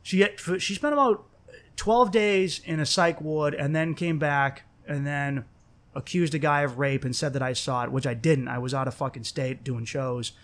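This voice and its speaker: A young man in casual chat, telling a story with lots of swearing and lively acted-out quotes. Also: a little high, moderate pace. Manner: profane, animated, acts out quoted voices.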